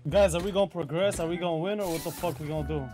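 A man's voice: fairly high pitch, racing. A man on online gaming voice chat, blunt and irritated, cursing at his teammates. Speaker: random teammate. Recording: game music behind voice chat.

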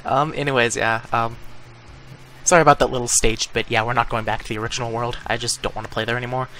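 A man's voice: mid-range voice, level tone, fast, bright, forceful tone, slight background noise. A young man casually commenting while setting up a modded game, rambling with lots of ums and little chuckles, close to a desk mic. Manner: chuckling, easygoing. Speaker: let's play host. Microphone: desk microphone, breathes into it.

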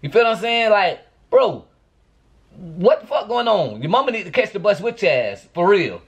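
A man's voice: high-pitched, sing-song, moderate pace, husky. A man vlogging to camera, venting in a profane, exasperated rant.

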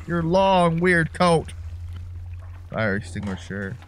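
A man's voice: medium pitch, big pitch swings, measured pace, long pauses, slight background noise. A young man doing casual gameplay commentary, jokey and profane, breaking into sudden yelps. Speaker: let's-play gamer.

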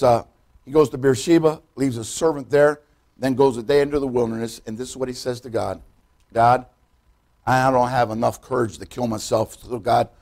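An older man preaching a sermon in a church, retelling Bible stories dramatically in folksy, direct words, swinging between loud and hushed. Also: medium pitch. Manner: folksy, addresses congregation directly. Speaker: pastor. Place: church sanctuary.

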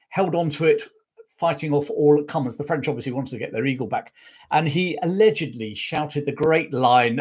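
A man's voice: fairly high pitch, husky. A man hosting a live history show, telling stories in a rambling way, often correcting himself. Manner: rambling, self-correcting storyteller with many fillers. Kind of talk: live-stream history talk.

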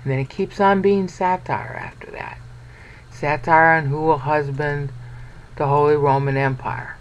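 A man's voice: a little high, steady tone, a little slow, slight background noise, poor audio. A man teaching a Bible study over a shared screen, blunt and sarcastic, pointing things out and checking in with "okay".

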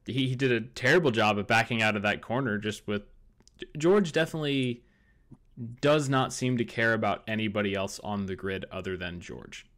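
A man's voice: on the low side, normal speed, a bit bright. A man co-hosting a podcast in casual chat, opinionated, often restarting his sentences. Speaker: podcast co-host.

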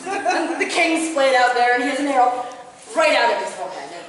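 A woman's voice: sits high, very animated, a little fast. A woman bard telling a comic story live, laughing as she goes and acting out characters' lines. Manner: laughs through her own story; acts out characters' lines in bursts. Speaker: bard at a gathering. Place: large hall at a live event. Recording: echoey hall from far off with audience. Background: audience murmur and laughter.

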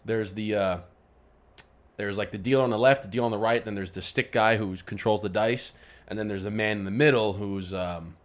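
A man co-hosting a casual podcast, telling stories and jumping into loud voices when he quotes people. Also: on the low side, steady tone, a little fast. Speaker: podcast co-host. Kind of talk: casual chat.

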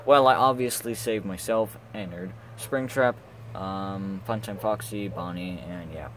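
A man's voice: low voice, unhurried, slight background noise. A man improvising a plush toy skit, voicing the characters himself in a hesitant voice full of ums. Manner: hesitant, filler-heavy, jumps between character voices. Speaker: plush video creator voicing all characters.

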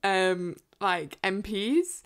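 A woman's voice: medium pitch, drawn-out words. Giggly English woman podcast co-host. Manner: animated, giggly, many "like" fillers. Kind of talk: casual chat.

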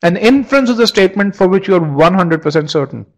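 A man with a fairly high voice runs a live online test-prep class. He talks through an argument step by step, fires questions at the students, and stumbles into repeated words when he restarts a phrase. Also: expressive, fast, poor audio. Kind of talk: live webinar teaching.

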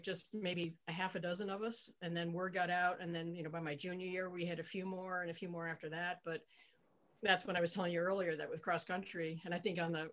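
Low-voiced woman in her sixties reminiscing. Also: a bit bright. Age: 60s. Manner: measured, with frequent restarts. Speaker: former athlete guest. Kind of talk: reminiscing on a video call.

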